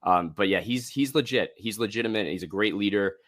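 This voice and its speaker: A low-voiced man gives sports analysis on a podcast. He speaks in a measured way, with some halting and filler words. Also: fairly bright tone. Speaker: sports reporter and co-host.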